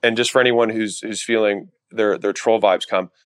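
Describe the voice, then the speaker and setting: Man, podcast host, lowish voice, casual business monologue, storytelling. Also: steady tone, normal speed, clear, resonant tone.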